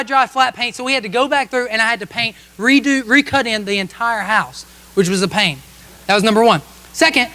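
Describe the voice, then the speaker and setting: A man's voice: extremely high pitch, pushed and bright. A man preaching a sermon as a pastor, telling a humorous story about himself and often checking in with the congregation with "okay?". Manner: humorous, self-mocking storytelling with frequent "okay?" asides to the congregation. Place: church service.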